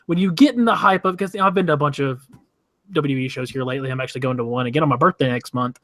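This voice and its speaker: A man's voice: medium pitch, racing, a bit bright, no room sound. A man co-hosting a casual wrestling podcast, easygoing and enthusiastic. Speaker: podcast co-host.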